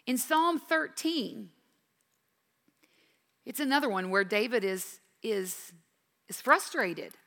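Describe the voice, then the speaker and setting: A woman in her fifties teaching from the Bible, earnest and emphatic, moving between quiet reflection and intense passages. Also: a little high, expressive, takes it slowly, long pauses. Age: 50s. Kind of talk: devotional teaching. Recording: reverberant hall.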